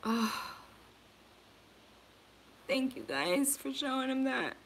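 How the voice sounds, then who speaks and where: A woman's voice: sits high, very animated, slow, a bit bright, slight background noise. A woman hosting a livestream, speaking earnestly and emotionally to her viewers, repeating herself as she offers support. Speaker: livestream host.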